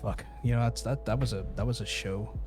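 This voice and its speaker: Over loud music, a podcast host chats casually during gameplay, trading crude, teasing jokes and putting on mock voices. His voice is on the low side, steady in tone and fairly quick.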